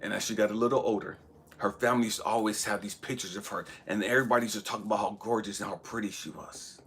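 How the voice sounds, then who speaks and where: A man's voice: lowish voice, fairly even intonation, fast talker, fairly bright tone, slight background noise. A man in his thirties giving a spiritual motivational talk, preaching with bursts of emphasis that drop to near-whispers. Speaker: motivational speaker.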